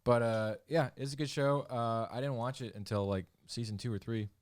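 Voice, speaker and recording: A man's voice: mid-range voice, fairly even intonation, moderate pace, clear, resonant tone, no room sound, clean studio sound. A man co-hosting a podcast in casual chat, rambling and joking, with frequent restarts. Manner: rambling, restarts often, jokey. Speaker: podcast co-host.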